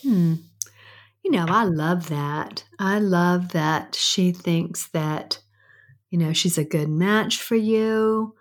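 An older woman chats as the host's mother, gentle and affirming, with soft murmured agreement. She speaks slowly in a lowish voice. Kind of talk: casual chat.

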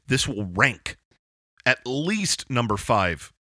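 A man's voice: medium pitch, very animated, takes it slowly, sharp tone, dry recording, studio quality. A man co-hosting a podcast, chatting casually and jokily, often breaking into silly voices to quote people. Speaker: podcast co-host. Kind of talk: casual comedic chat.

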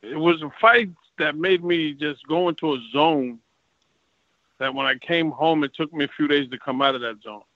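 A former pro boxer appearing as a guest in a relaxed interview recounts career stories, performing the quoted exchanges with animation. He speaks at a normal speed in a highish voice, and the recording is muffled but echo-free.

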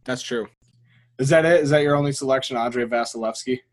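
A man hosting a casual sports podcast, joking with his co-host, laughing often and letting sentences trail off into a quiet mumble. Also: mid-range voice, fast.

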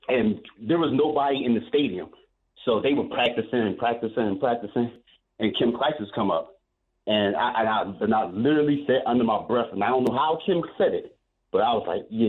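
A male caller on a thin, tinny phone line, with a mid-pitched voice. He tells his story in a rambling, animated way, circling back and repeating himself. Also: brisk. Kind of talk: telling a story on a phone call.

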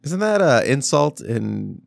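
A man's voice: medium pitch, sing-song, slow pace, creaky, no echo, studio quality. A man co-hosting a podcast, rambling loosely through a casual sports chat with lots of fillers and restarts. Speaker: podcast co-host.

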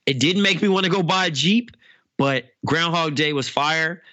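Bright-voiced offhand man. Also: a little high, moderate pace, dull audio. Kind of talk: casual chat.

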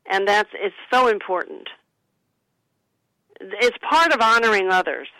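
An author talking about her book, coaching listeners gently and acting out soothing sample replies. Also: medium pitch, lively intonation, moderate pace, no echo, low-quality recording. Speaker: author and guest. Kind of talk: conversational advice talk.

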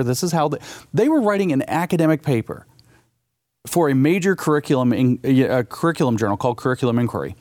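A man's voice: medium pitch, a little mellow, no echo, clean studio sound. Emphatic male interview guest. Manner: emphatic and argumentative, slows down to stress points. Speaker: author and guest.

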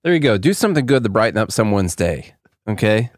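A man's voice: on the low side, big pitch swings, fast talker, over music. A man co-hosting a podcast in casual, joking banter with his co-host. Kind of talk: casual political chat.

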